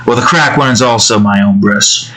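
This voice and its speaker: A man's voice: on the low side, moderate pace, bright, forceful tone, slight background noise, low-quality recording. Man rambling while he draws. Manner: rambling, muttering to himself. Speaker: digital artist. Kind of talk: casual narration while drawing.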